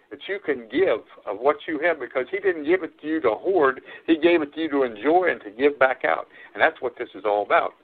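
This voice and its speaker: Guy preaching on his radio show, earnest, keeps repeating himself, sounds like it's over a phone line. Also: a little high. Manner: earnest, repetitive exhortation with fillers. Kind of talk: sermon.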